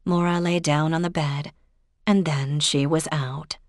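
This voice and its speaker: A woman reads a mystery novel aloud in an even, steady way. Her voice sits low, and the recording is dry and close. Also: measured pace, dry recording. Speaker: audiobook narrator. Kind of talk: scripted narration.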